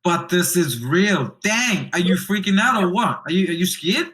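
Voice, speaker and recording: A podcast host with a bright, forceful voice chats casually. The host tosses out playful, eager follow-up questions. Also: mid-range voice, expressive, normal speed. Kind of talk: casual interview chat.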